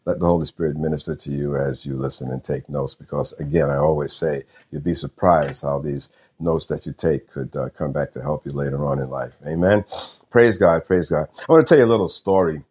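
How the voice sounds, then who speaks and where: A very deep-voiced male pastor delivers a solo sermon and prayer, speaking as if to unseen listeners. His manner is folksy and unhurried, repeating phrases and leaning on small fillers as he tells a homely story. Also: darkish tone, husky.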